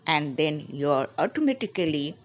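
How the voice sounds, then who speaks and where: A woman teaching a lesson, drilling pronunciation by repeating each word slowly. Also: low voice, sing-song, dull audio, a little hiss or hum. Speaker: English teacher. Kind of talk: spoken English lesson.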